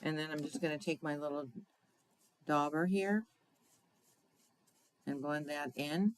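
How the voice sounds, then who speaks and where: Slow, chatty woman crafting host. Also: deep voice, a little hiss or hum, low-quality recording. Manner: chatty, unhurried, often asks "right?"; laughs at own slips. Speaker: crafting demonstrator. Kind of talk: card-making tutorial demo.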